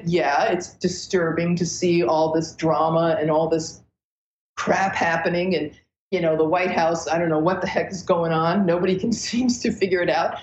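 Animated woman astrologer, roomy lo-fi sound. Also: on the low side, slight background noise. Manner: animated, breathless storytelling with many restarts. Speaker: astrologer guest. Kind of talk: casual podcast interview.

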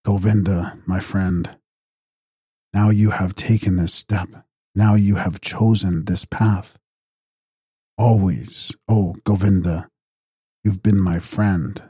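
A man voicing a calm, wise young seeker who speaks quietly and kindly, without mockery. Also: low-pitched, takes it slowly, long pauses, husky, no echo, clean studio sound, voice pushed down, exaggerated voice. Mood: gentle, resolved.

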